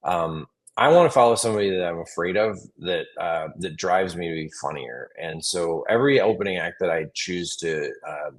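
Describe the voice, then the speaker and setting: A comedian from Wisconsin with a Wisconsin accent, chatting in an interview and telling stories with lots of restarts and laughs. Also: male voice, low-pitched. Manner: animated storyteller, quick restarts and laughs. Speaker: comedian guest. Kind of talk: casual interview chat.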